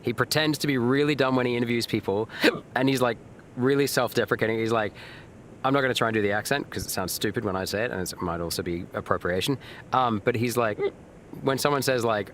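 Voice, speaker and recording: A man's voice: mid-range voice, fast talker, a bit bright, a little hiss or hum. A man streaming a game live, chatting loosely with viewers and reading out their messages, with lots of fillers and restarts. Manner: rambling, casual, reads and answers chat; frequent fillers and restarts, swears now and then.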